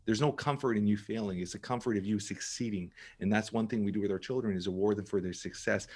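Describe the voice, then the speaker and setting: A man's voice: fairly low pitch, quick pace, a little mellow, husky. A middle-aged man talking casually as a podcast guest, emphatic and full of restarts and repeated words. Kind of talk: casual interview talk.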